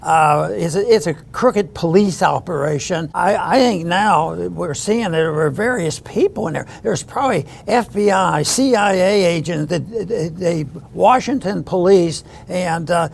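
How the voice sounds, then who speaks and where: A man hosting a political talk show, speaking in a halting way and restarting his words often. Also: sits high, vocal fry. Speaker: show host.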